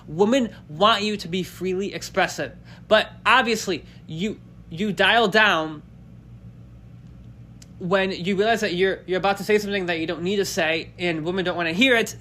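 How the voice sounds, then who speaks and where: A man hosting a solo podcast, talking bluntly and emphatically with lots of swearing and swinging his pitch up and down. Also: pushed and bright, slight background noise. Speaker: podcast host.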